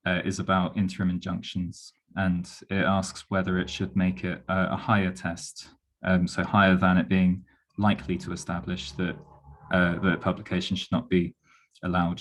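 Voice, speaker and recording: Very deep-voiced man presenting. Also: flat delivery, moderate pace. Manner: analytical, explains step by step. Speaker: webinar speaker. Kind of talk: online webinar presentation.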